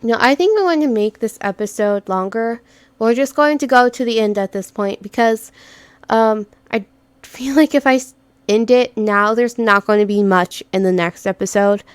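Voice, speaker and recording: A woman giving relaxed, casual commentary while reading through a game. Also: a little high, normal speed, clean tone, no room sound. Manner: relaxed, chatty asides. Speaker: let's play narrator.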